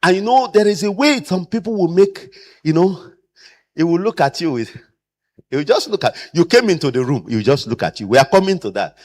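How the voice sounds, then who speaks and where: A man lecturing a room of caregivers, slightly high-pitched and very lively in his intonation. He acts out the people he quotes. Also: a little fast. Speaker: trainer.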